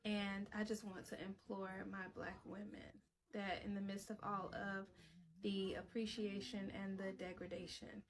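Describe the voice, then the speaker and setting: A woman hosting a reaction commentary, talking earnestly and with measured pauses and hesitations. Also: mid-range voice, flat delivery, a crowd in the background. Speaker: commentary host.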